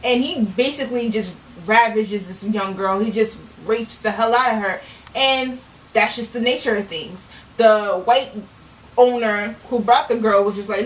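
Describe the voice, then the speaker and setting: Woman, earnest rambling vlog commentary, higher voice, roomy echo. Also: a little slow. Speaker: author and vlogger. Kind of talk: casual on-camera commentary. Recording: echoey room, distant mic, faint noise.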